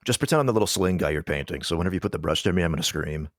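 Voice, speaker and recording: A man's voice: low voice, animated, rapid-fire, no echo. A man with a just-woken-up voice chatting on a stream call, joking with dry wit and wordy phrasing. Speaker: guest co-streamer. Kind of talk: casual chat.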